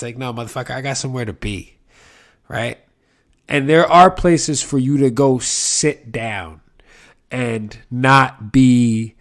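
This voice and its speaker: Profane rambling New man. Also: medium pitch. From New York City. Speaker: podcast host. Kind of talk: casual solo monologue. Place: apartment room with a window to the street.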